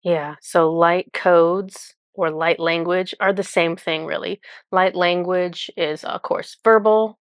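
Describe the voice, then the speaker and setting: A woman's voice: on the low side, fairly even intonation, takes it slowly, hardly any pauses, no echo, studio quality. A woman channeler who explains a spiritual experience in casual talk. She rambles, looks for words and fills her speech with "like". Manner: rambling, searching for words, many "like" fillers.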